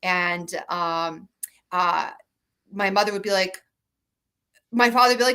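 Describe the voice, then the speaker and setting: A woman's voice: mid-range voice, fairly even intonation, normal speed, sharp tone. A woman from Michigan, an author being interviewed, telling family stories in a chatty, rambling way with many fillers and restarts. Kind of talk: casual interview storytelling.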